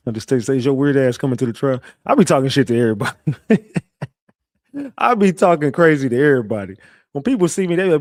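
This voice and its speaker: A man's voice: mid-range voice, very animated, fast talker, a little mellow, no echo. Brash trash-talking man, dry close sound. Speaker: livestream host. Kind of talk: casual livestream commentary.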